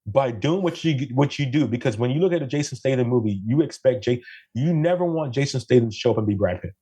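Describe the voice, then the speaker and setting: Podcast guest, man from Jamaica, mid pitch, lively and talkative, casual. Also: quick pace, slightly rough. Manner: animated, tags statements with "right?".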